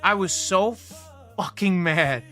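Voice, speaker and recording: A man's voice: high-pitched, slow, pushed and bright, faint music behind. A young man hosting a livestream, ranting casually with heavy profanity and a heated, rambling delivery. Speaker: livestream host.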